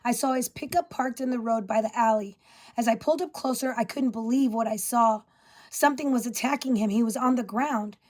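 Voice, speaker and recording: A woman's voice: a little high, brisk. Woman reading a family story aloud. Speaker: reader of her father's story. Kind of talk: first-person story reading.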